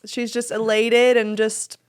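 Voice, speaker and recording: A woman's voice: on the high side, little pitch movement, slow pace, smooth. A young woman co-hosting a podcast, chatting in an upbeat way. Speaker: podcast co-host. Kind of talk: casual chat.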